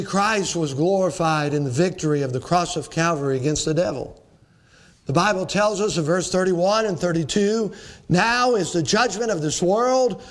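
A pastor delivers an evening sermon in a man's fairly high voice. He builds to ringing, emphatic peaks and then drops low and slow for quiet stretches, the pacing of a practiced preacher. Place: church service in the evening.

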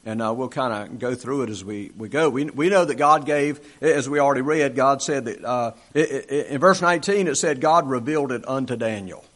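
A man's voice: mid-range voice, fairly quick, hardly any pauses, a bit bright. A man preaching a conversational sermon, acting out scripture dialogue with frequent restarts. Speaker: pastor.

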